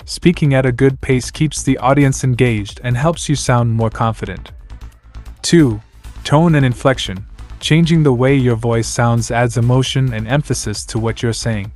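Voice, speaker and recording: A man reads a scripted lesson in a mid-range voice. He moves through numbered points in a measured, announcer-like way, with faint music playing underneath. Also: mid-range voice, darkish tone. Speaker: narrator. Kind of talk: scripted narration.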